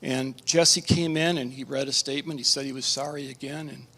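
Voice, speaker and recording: A middle-aged man, a pastor, telling a personal testimony at a conference, earnest and emotional, with halting restarts. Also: mid-range voice, steady tone, sharp tone. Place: conference hall. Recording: reverberant conference hall.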